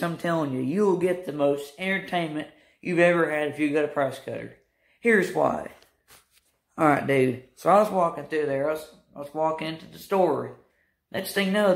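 A young man telling a mocking, animated storytime rant as a vlogger. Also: a little high, creaky, echoey room. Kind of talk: ranting storytime vlog.

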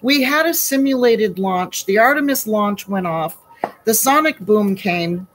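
A woman's voice: mid-range voice, lively intonation, measured pace, slight background noise, rough recording. A woman hosting a casual live baking stream from her home kitchen, chatty and folksy, greeting viewers by name.

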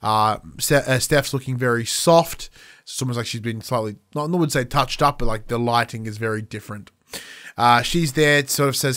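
A man's voice: mid-range voice, normal speed, a bit bright. A man hosting a podcast, reviewing in a casual monologue with lots of fillers and playful acted-out quotes. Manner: chatty, lots of fillers, acts out quotes with a raised voice. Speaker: podcast host.

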